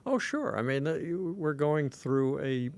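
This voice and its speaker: Guy co-hosting a podcast as an analyst, smooth clear voice, earnest, um and uh a lot. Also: on the high side, animated, a little mellow. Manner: earnest, measured, with fillers. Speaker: political analyst, co-host. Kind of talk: casual podcast chat.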